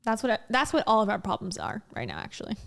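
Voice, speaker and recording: A woman's voice: mid-range voice, wildly swooping pitch, fast, gravelly, fairly bright tone. A woman hosting a reaction video, talking in a blunt, mocking, casual way. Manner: mocking, blunt, laughs between remarks. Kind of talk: casual sarcastic commentary.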